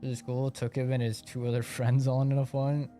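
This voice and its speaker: Young male streamer, chill storyteller, curses a lot, middle pitch, faint music behind. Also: little pitch movement, normal speed, mellow. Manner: laid-back, swears freely, laughs while telling. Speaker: gaming streamer. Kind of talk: casual storytelling on a live stream.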